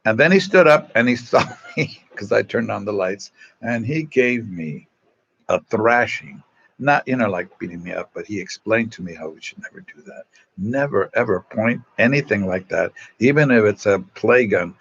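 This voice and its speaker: Speaking at normal speed with vocal fry, a fairly low-pitched man gives off a fairly bright, slightly rough tone over lo-fi audio. He's a Salesian brother from East Los Angeles livestreaming from an angled phone. He greets viewers, reads their comments and tells chatty, self-mocking stories.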